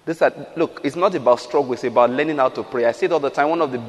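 A man's voice: mid-range voice, racing, big-room sound. A man preaching a sermon, emphatic, asking the listeners rhetorical questions and acting out quotes.

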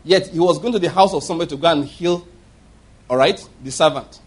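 Husky pastor guy, middle-aged, preaching w/ lots of emphatic repeats, voice sits a bit high. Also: fairly quick. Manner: emphatic storytelling with repetition. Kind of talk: sermon.

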